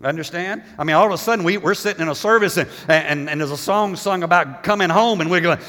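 A man preaches with passion, his voice bright and forceful and pitched a little high. He swings between loud bursts and hushed passages. A long reverb trails every phrase. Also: fairly quick, hardly any pauses. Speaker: pastor. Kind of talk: sermon.

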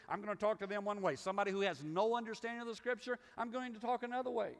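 A middle-aged man with a Southern US accent delivers a folksy, conversational sermon, circling back and restarting his phrases as he goes. His voice sits on the higher side for a man. The sound carries a long reverb tail from a church sanctuary. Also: racing, hardly any pauses, a bit bright. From Southern United States. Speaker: pastor.

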